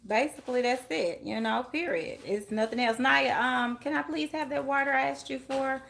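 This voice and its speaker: A woman's voice: high-pitched, normal speed, gravelly, a bit bright, slight background noise. A woman giving a live-stream tarot reading, chatting with viewers and laughing often. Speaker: tarot reader.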